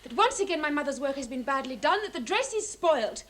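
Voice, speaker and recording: An actress playing a proud, vengeful young stepdaughter who speaks with passionate, urgent indignation. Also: female voice, sits high, sing-song, fast talker, heavy background noise. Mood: bitter.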